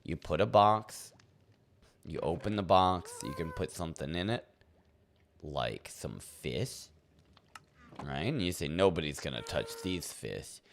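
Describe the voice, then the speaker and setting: Deep-voiced man chatting on a playful stream. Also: animated, takes it slowly, long pauses, slight background noise. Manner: playful, rambling, chuckles often, talks to chat. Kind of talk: casual livestream chat while playing.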